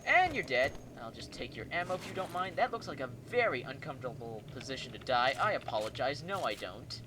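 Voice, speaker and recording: A man hosting a let's play, giving excitable, joking gameplay commentary and talking back to enemies. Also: mid-range voice, fairly quick, background noise.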